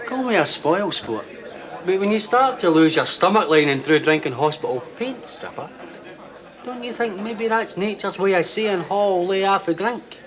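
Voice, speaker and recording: A man's voice: high voice, expressive, moderate pace. An actor playing a wry, teasing Glaswegian barman in a scripted sitcom. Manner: dry, teasing. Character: wry young barman, sarcastic.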